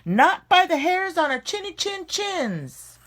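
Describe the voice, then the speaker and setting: A woman voicing three frightened little pigs in a storybook reading, crying out high and defiant. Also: very animated, takes it slowly, fairly bright tone, slight background noise, full character voice.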